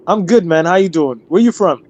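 A man's voice: high voice, expressive, brisk, darkish tone. Profane joking British man on a call-in stream. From England. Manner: profane, joking, mock-aggressive. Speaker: host of a call-in live stream. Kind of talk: rowdy casual banter.

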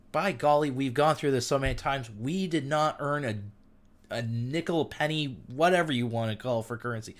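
Excitable young man teaching the Bible. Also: mid-range voice. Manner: enthusiastic, gets amped and self-interrupts. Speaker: podcast host.

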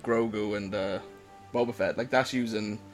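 A man's voice: lowish voice, steady tone, normal speed, faint music behind. A man with a Welsh accent co-hosting a casual podcast on a headset mic, rambling with lots of fillers and restarts. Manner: rambling, hesitant, many fillers. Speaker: podcast co-host.

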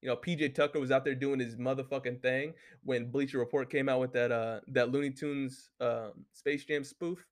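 A man's voice: medium pitch, fairly even intonation, moderate pace, hardly any pauses. A man hosting a solo talk show, ranting casually and heatedly with constant swearing and lots of filler words. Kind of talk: casual profane rant.

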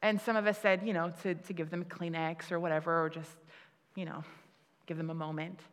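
A woman's voice: fairly low pitch, level tone, brisk. A woman giving a conversational sermon, laughing at herself and restarting her sentences often, with many fillers. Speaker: preacher. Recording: long hall reverb.

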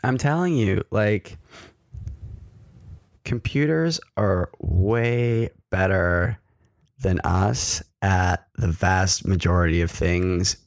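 A man co-hosting a tech podcast in casual banter, with a very low, gravelly voice. He jokes and rambles, restarting his sentences often. He is close on a studio mic, and the sound is dry. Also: slow, no room sound. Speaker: podcast co-host. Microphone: large studio microphone.

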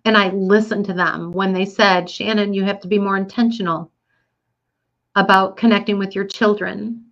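A woman's voice: medium pitch, fairly even intonation, normal speed, a bit bright, lo-fi sound. Earnest woman telling a personal story. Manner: earnest, reflective, with fillers. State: getting teary.

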